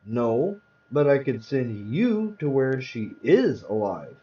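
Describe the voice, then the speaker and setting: A man's voice: mid-range voice, very animated, slow, warm tone. A man reading aloud, voicing a small hospital lab technician who explains things patiently. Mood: explaining. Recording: roomy, distant, dull sound.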